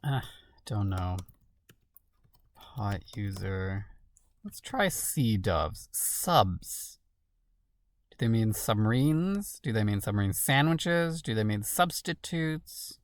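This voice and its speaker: A woman's voice: very deep voice, expressive, takes it slowly. A woman solving a crossword while thinking aloud, muttering questions to herself. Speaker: crossword solver.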